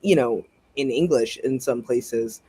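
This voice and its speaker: An American author chatting casually as a guest over a video call, animated and rambling, laughing often. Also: mid-range voice, unhurried, breathy edge, dry recording. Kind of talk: casual chat.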